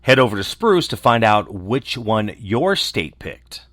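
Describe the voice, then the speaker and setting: Man for daily entertainment news reads, expressive, dry studio sound. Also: fairly low pitch, measured pace, no echo. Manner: lively, lightly conversational read. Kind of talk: scripted news roundup.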